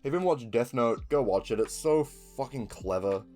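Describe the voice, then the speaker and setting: A man's voice: mid-range voice, lively intonation, normal speed, a little mellow, soft background music. A young man with a New Zealand accent chatting casually, rambling with lots of ums and swearing. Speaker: video creator. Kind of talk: casual chat.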